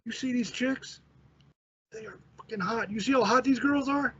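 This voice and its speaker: Pushy young party bro, higher and husky, incredulous, as a man puts him on, lo-fi. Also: moderate pace, bright, forceful tone, dry recording, exaggerated voice. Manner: urging, incredulous. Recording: dull lo-fi recording.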